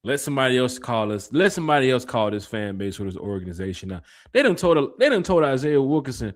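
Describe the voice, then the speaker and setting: A man hosting a casual fan podcast, reading out chat comments and giving shout-outs. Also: mid-range voice, sing-song, quick pace, few pauses. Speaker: podcast host. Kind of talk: casual live-stream chat.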